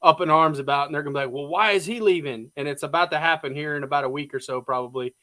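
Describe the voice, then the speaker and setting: Brief: male panelist, slightly high voice, loose rambling talk with lots of "you know". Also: flat delivery, racing, sharp tone. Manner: rambling, many fillers and restarts. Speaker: co-host. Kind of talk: casual sports chat.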